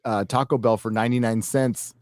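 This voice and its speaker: A man's voice: medium pitch, fairly even intonation, brisk, darkish tone, no room sound, studio quality. A man hosting a casual panel chat, reading viewer donations aloud in a rambling way, with fillers and self-corrections.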